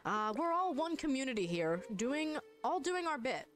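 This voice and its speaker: A woman voicing a friendly bait-swap keeper, speaking in her own voice but lower and more carefully enunciated. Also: big pitch swings, normal speed, soft background music. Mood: helpful.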